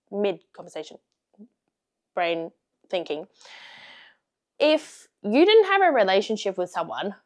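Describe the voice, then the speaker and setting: A young woman with a medium-pitched voice vlogs a casual storytime, blunt and full of swearing. She laughs often and swings between loud and hushed.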